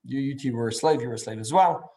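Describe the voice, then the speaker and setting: A man's voice: medium pitch, fast, mellow. A man giving a Torah class, thinking aloud with frequent restarts and asking "right?" to check in with his listeners. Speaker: Torah teacher.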